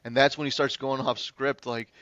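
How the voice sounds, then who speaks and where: A man, a public defender, telling a courtroom story on a podcast in an animated, profane, casual way. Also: medium pitch. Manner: animated, profane, fast-moving anecdote. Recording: slightly dull lo-fi sound.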